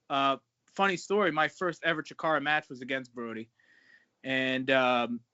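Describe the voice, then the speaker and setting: A man's voice: a little high, pushed and bright, smooth, dry recording. A man who wrestles, chatting casually in an interview, swearing freely and calling people man and bro, over a video call. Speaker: pro wrestler guest. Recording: dull lo-fi sound.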